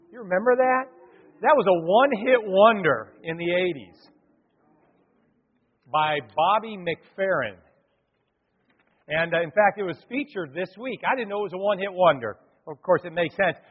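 A man preaching a conversational, animated sermon as a pastor in a church. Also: high voice, slightly rough. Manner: conversational, animated, acts out quotes and sings. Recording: echoey hall, thin phone-like sound.

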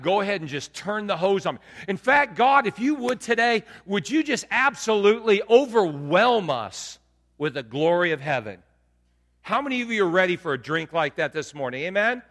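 A man preaching a lively sermon to his congregation, asking them questions as he goes. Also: fairly high pitch. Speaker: pastor. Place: church sanctuary. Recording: long hall reverb.

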